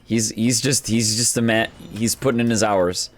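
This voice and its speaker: A man's voice: lowish voice, steady tone, moderate pace. A man streaming a game, chatting playfully and joking about the characters. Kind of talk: let's play commentary.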